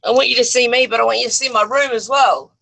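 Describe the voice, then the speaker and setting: Giggly Australian streamer with gravelly voice. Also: medium pitch, steady tone, quick pace, sharp tone, poor audio. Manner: giggly, chatty, talks to the chat. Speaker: livestream co-host. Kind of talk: casual livestream chat. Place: own bedroom. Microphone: phone on a selfie stick.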